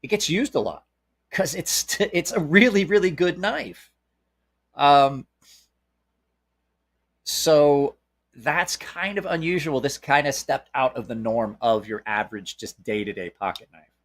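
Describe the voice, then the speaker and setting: A man's voice: fairly high pitch, measured pace, long pauses. Blunt, opinionated man with a Southern twang. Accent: American Southern. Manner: blunt, opinionated, cursing, with stops and restarts. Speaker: knife channel host. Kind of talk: casual live-stream chat.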